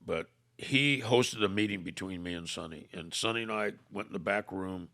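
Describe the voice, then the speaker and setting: An older man, a podcast guest, telling a story by acting out both sides of an old argument, with halting restarts. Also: sits low, bright, forceful tone. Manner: retells arguments through quoted dialogue, "I said", "I go". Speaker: podcast guest, former motorcycle club leader. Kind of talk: storytelling in conversation.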